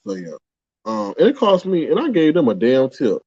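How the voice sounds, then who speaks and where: A man chatting casually on a livestream in a dark, mellow voice, rambling and exclaiming with indignant rhetorical questions. The room sounds dry and close, and the recording comes through dull and muffled. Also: fairly high pitch, wildly swooping pitch, normal speed, breathy edge, no room sound. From United States. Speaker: livestream host reading chat.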